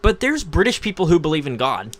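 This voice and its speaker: Young man, livestream host, casual rant, profane, mocking, slightly high voice, lively pitch. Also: a little fast. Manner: profane, mocking, animated rambling. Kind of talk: casual rant to live chat.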